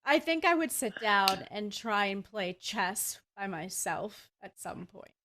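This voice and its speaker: A woman playing a tabletop game, speaking in a relaxed, slightly hesitant way. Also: medium pitch, slow pace, slight background noise. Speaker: player. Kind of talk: casual tabletop role-play.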